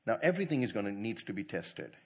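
Animated male preacher with a husky voice. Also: fairly low pitch, fast talker. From not from India. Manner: animated, asks the audience questions, laughs easily. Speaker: preacher teaching church leaders. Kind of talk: sermon.

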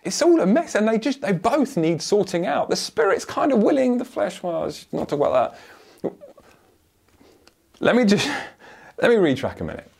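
A man preaching a sermon, lively and earnest, acting out imagined voices and often repeating words as he starts a thought. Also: sits high, normal speed, gravelly, pauses often, husky. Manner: animated, acts out voices of others, repeats words when starting.

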